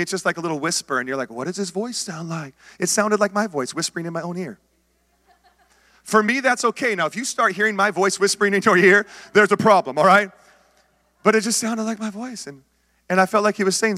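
A middle-aged pastor preaching with a high, bright voice that carries through a large, echoing sanctuary. He tells his story animatedly, acting out his own past words and calling out to the people in front of him. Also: brisk. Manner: calls out to the congregation. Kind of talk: sermon. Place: church sanctuary. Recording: long hall reverb.

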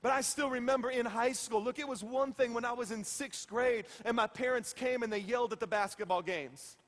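A middle-aged pastor with a very high voice delivers a sermon in a reverberant church hall. He is playful and emphatic, sinking to near hushes and then climbing into shouts. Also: a little fast. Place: church sanctuary.

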